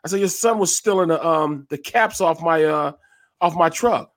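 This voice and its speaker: A man, co-host and former football player, telling a story in casual chat and acting out the voices with loud bursts. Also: on the high side, a little fast, no room sound. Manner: acts out dialogue with loud bursts.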